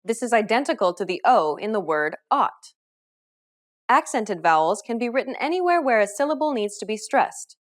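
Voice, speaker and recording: Lively-voiced woman narrating a lesson. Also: fairly high pitch, normal speed. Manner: clear, instructive. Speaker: language teacher. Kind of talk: scripted narration.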